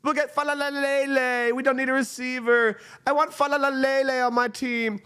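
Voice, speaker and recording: A man voicing a dismissive, whiny male team executive in a high, drawn-out mocking singsong. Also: flat delivery, pushed and bright, smooth.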